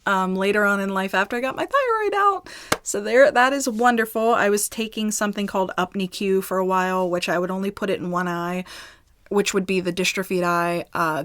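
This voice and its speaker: A woman's voice: on the low side, a bit bright, no echo. A woman telling a rambling, candid storytime in casual chat, a little out of breath, with many fillers. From United States. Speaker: ASMR storytime creator.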